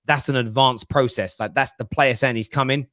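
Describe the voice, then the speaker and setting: Guy hosting football chat, rambly and animated, dry close sound. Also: mid-range voice, normal speed, no echo. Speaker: podcast host.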